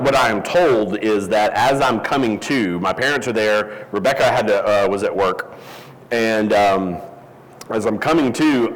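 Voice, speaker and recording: A man's voice: fairly low pitch, long reverb tail, rough recording. A man telling a rambling, self-deprecating story with lots of fillers as a guest at a live event. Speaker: interview guest. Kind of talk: casual storytelling. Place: event hall.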